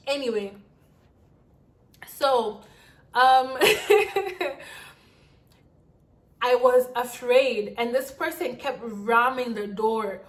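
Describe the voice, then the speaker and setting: A woman telling a dramatic storytime vlog in an animated way. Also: on the high side, slow pace, pauses often. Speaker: vlogger.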